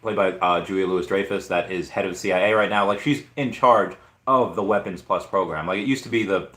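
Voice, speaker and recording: A hoarse man chatting casually on a live stream, rambling through stories with lots of fillers. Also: deep voice, brisk, fairly bright tone, roomy sound. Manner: rambling, filler-heavy storytelling. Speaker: comic and collectibles YouTuber.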